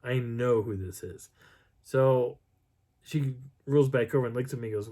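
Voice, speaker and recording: A man's voice: medium pitch, normal speed. A man casually telling a personal story and acting out the sounds and voices as he goes. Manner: animated, acts out sounds and voices. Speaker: channel host.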